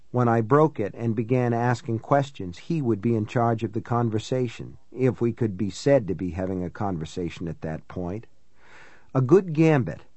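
Male audiobook narrator, first-person, measured, reflective, mid-pitched, dry booth sound. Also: darkish tone, no room sound.

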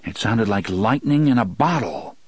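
A man reading a novel aloud in steady, measured storytelling narration. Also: fairly low pitch, slightly rough, no echo, dull audio. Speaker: audiobook narrator. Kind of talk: scripted narration.

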